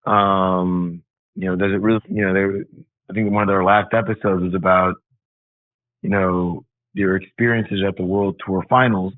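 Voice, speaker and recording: Deep-voiced man over a tinny line. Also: flat delivery, normal speed, dry recording. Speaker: tennis coach and podcast guest. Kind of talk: casual chat.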